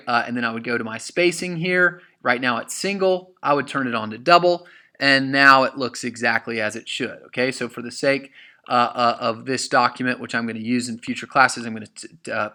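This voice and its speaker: Bright-voiced man teaching essay formatting. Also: mid-range voice. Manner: frequent "uh" and "okay?" check-ins, asks and answers own questions. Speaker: high school English teacher. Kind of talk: screen-share lesson.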